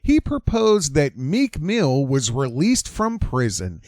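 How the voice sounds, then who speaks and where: Emphatic man with a lively voice. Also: a little high, slow pace, no echo, clean studio sound. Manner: emphatic, repeats lines for effect. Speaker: commentary channel host. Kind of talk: opinionated commentary monologue.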